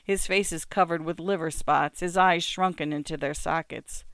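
Smooth clear storyteller reading a first-person novel, steady and measured, dry close sound. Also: mid-range voice, dry recording. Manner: measured, descriptive, smooth delivery. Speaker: narrator.

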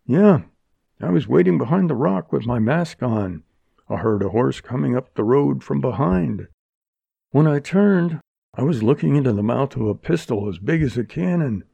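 A man's voice: mid-range voice, animated, normal speed, gravelly, warm tone, breathy edge, no echo, full character voice. Panicky cowardly young man, as a narrator voices him. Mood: anxious. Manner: anxious, pleading. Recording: dull lo-fi recording.

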